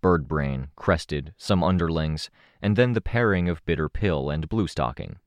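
A man reading a first-person action story aloud in a steady, dramatic storytelling manner. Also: a bass voice, measured pace, dry recording. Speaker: audiobook narrator. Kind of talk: scripted first-person narration.

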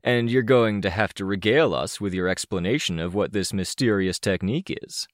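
A man's voice: fairly low pitch, fairly quick, no echo, studio quality, natural voice. A man reading an audiobook, voicing an eager young man who talks in a playful, wordy way.

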